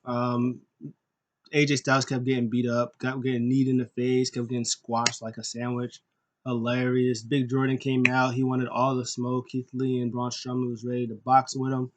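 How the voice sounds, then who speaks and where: A man's voice: medium pitch, completely flat delivery, normal speed, background noise. Rambling, upbeat man recapping wrestling. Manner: enthusiastic, rambling, many fillers, acts out quotes. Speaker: wrestling show recap host. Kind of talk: casual solo recap commentary.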